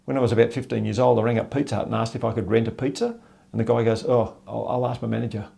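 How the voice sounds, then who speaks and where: An older man telling a jokey story in a casual, animated way. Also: mid-range voice, rapid-fire, gravelly, slightly rough. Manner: jokey, animated, acts out voices.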